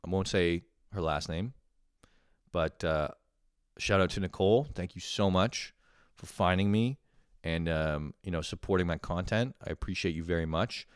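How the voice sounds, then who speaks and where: Deep-voiced young man rambling profanely. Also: moderate pace, smooth, dry recording, clean studio sound. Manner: profane, rambling, animated when telling stories. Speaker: vlogger. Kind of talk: casual rambling monologue.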